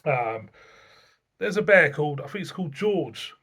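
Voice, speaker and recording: A man's voice: fairly high pitch, expressive, normal speed, a bit bright, slightly rough. A middle-aged man from England reviewing beer in a chatty, rambling vlog, often chuckling to himself.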